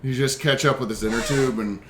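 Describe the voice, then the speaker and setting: A man's voice: mid-range voice, fairly even intonation, a little fast, a bit bright. A man narrating as game master of a tabletop game in a casual, descriptive storytelling way. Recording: echoey room with faint noise.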